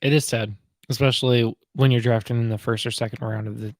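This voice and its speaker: A man co-hosting a sports podcast, answering calmly and briefly in casual chat. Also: medium pitch, fast, no echo, clean studio sound. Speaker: podcast co-host.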